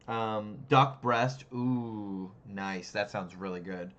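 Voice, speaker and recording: An English-speaking gameplay streamer chats casually while playing a strategy game, self-deprecating and repeatedly stumbling over French words. His voice is lowish, slow and fairly bright, but the recording is muffled.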